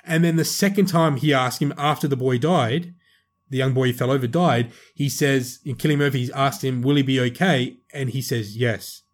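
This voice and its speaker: A man co-hosting a film podcast, talking in an animated, rambling way with strong emphasis. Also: mid-range voice, moderate pace. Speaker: podcast co-host, film reviewer. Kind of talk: casual chat.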